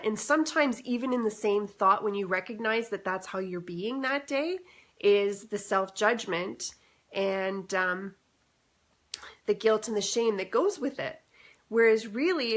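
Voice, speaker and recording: A woman's voice: medium pitch, a bit bright. A woman talking casually in a live stream as a spiritual coach, reflective and chatty, with many fillers, into a phone or webcam at home.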